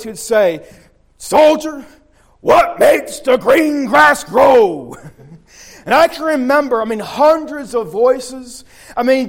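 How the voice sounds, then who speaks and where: High-voiced man preaching a folksy sermon. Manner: folksy storytelling, repeats and restarts phrases. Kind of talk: sermon with personal army story.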